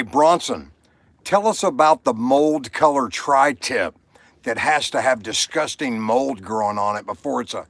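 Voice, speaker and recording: A man's voice: medium pitch, gravelly, fairly bright tone, no room sound. Rambling man on a livestream, dry sound. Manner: rambling, reads viewer comments aloud. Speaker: livestream host. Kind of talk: casual chat.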